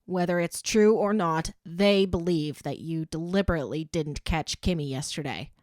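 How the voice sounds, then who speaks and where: A woman voicing a calm adult woman cheerleading adviser who speaks in a measured, composed, sympathetic way. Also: on the low side, no echo, studio quality, natural voice.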